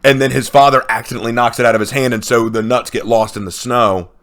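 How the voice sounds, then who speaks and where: A man's voice: mid-range voice, steady tone, fast talker, fairly bright tone. A man co-hosting a casual chat, retelling favorite film scenes with enthusiasm. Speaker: co-host of a movie list video.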